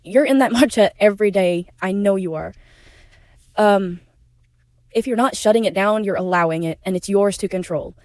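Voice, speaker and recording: A woman with a mid-range, darkish voice talks at a normal speed, recorded without echo. As a YouTube commentator, she's blunt and indignant, openly describes being a victim, swears when riled, and grows emotional, occasionally near tears.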